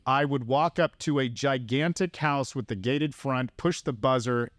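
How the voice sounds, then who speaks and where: A man's voice: mid-range voice, measured pace, a bit bright, no echo, studio quality. A man hosting a podcast, chatty and enthusiastic, telling stories in casual conversation. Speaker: podcast host.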